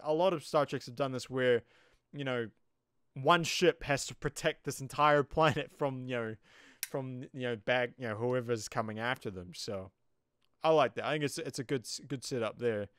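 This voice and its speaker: Young kiwi guy rambling about an episode, lots of you know, smooth voice, dry close sound. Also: medium pitch, moderate pace, a bit bright, no room sound. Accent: New Zealand. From New Zealand. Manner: rambling, many fillers. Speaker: show reviewer. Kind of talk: casual review monologue.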